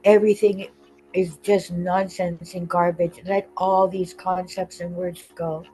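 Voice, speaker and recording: A woman on a video call, sharing openly and tearfully, halting often and laughing through her tears. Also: lowish voice, level tone, warm tone, soft background music, rough recording. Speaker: participant in an online group call. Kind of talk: emotional open sharing.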